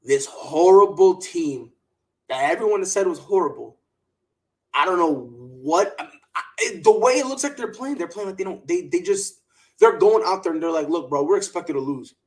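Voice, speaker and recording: Here a sports podcast host with a voice that sits high talks at a moderate pace, and the audio is poor. He rants with strong opinions in an animated, heated way, throwing in mocking put-on quotes.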